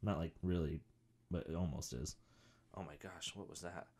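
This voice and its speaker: A young man hosting a comedy podcast, rambling through a story and acting out the other people in it. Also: normal speed. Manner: animated, acts out quoted voices with big pitch jumps. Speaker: podcast host. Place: home studio with a whiteboard.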